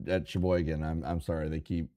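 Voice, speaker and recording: A man's voice: a bass voice, level tone, a little fast, warm tone. A man co-hosting a livestream, tossing in dry wisecracks during casual chat. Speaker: livestream co-host.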